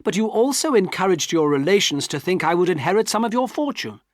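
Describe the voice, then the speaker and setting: A man's voice: high-pitched, very animated, fairly quick, no room sound, pitched above the performer's own voice. A man voicing an earnest, heartbroken young man who pleads with trembling emotion, in a dry storybook reading. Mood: pleading.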